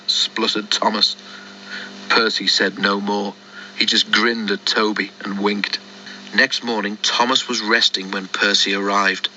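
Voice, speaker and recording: A man narrating a children's storybook in a lively, expressive read-aloud, on a dull lo-fi recording. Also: fairly low pitch, unhurried. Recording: dull lo-fi recording with faint noise.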